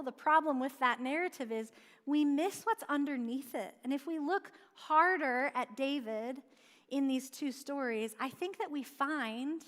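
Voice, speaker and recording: A long reverb from the church hall surrounds a woman preaching in the sanctuary. Her voice sits high with a fairly bright tone as she earnestly asks questions and then answers them herself.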